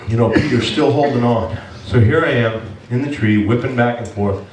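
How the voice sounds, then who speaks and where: A man preaching as pastor, telling a story in an animated, self-mocking way and acting out his own complaints. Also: medium pitch, normal speed. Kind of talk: storytelling sermon. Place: church hall. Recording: echoey room from far off.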